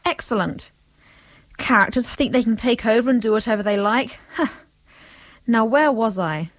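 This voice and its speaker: A woman narrating a comic story with a slightly high voice. She is firm and bossy and keeps the scripted telling under her control. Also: normal speed.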